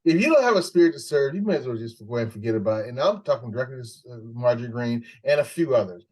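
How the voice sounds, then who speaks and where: A man's voice: mid-range voice, lively intonation, a little mellow, poor audio. A man co-hosting a political podcast, speaking casually with many restarts. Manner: halting, many restarts and fillers. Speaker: podcast co-host.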